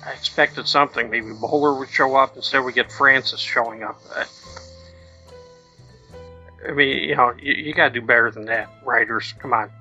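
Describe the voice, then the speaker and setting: A man giving a rambling, halting review of an episode. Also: mid-range voice, steady tone, bright, forceful tone, highs cut off, soft background music. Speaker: listener reviewer. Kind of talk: casual review.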